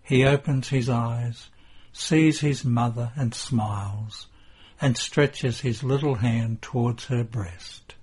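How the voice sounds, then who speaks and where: A man narrating a religious text in a measured, reverent reading. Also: mid-range voice, steady tone, a little mellow, husky.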